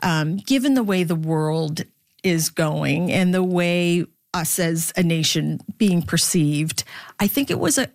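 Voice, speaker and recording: A woman's voice: on the low side, expressive, takes it slowly, a little mellow, dry recording, studio quality. A middle-aged woman, a baseball broadcaster from the Philippines, talking candidly as an interview guest and laughing often.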